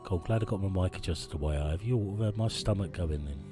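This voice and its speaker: A man's voice: deep voice, fast talker, music in the background. Chatty man streaming a game. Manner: chatty, jokey, talks to himself. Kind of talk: casual gameplay commentary.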